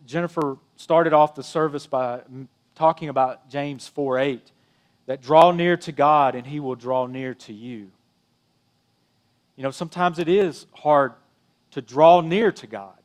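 A middle-aged man preaching a sermon in a conversational way, swinging between emphatic peaks and hushed drops. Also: a little high. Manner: conversational preaching, rising and dropping emphasis, frequent "you know". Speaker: pastor.

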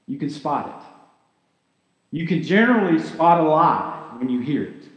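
Pastor, man, unhurried earnest sermon delivery, lively pitch, echoey church hall. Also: dull audio. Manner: earnest, conversational preaching with rhetorical questions.

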